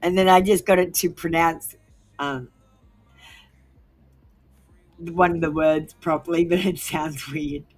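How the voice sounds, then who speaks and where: A woman's voice: deep voice, fairly even intonation, slow pace, pauses often, faint music behind. An Australian woman hosting a live stream, chatting casually and rambling with frequent ums and laughs.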